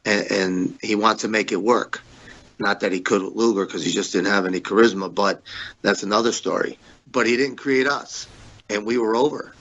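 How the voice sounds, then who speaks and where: A man's voice: fairly low pitch, moderate pace, a bit bright, muffled recording. A man, a former wrestler, telling stories as an interview guest in a rambling, casual way, repeating words and saying "you know" often. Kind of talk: casual storytelling.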